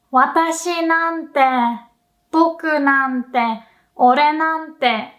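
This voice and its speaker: A young woman with a fairly high voice explains things in a relaxed video lesson. She laughs often and keeps the tone playful. Now and then she slips into short acted lines to show the feeling behind her examples. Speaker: language teacher.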